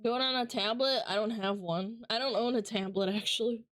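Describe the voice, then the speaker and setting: A woman's voice: on the high side, fairly even intonation, a little fast, fairly bright tone, dry recording, studio quality. A woman streamer chatting casually and reading out live comments, playful and teasing with frequent giggles, talking from her home setup.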